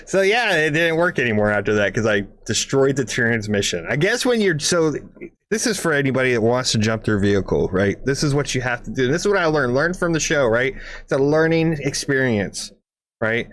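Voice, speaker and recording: This podcast co-host talks fairly quickly in a mid-range voice while rambling through a lengthy story. He swears a lot, punctuates lines with "right?", and animatedly acts out engine noises and other sound effects.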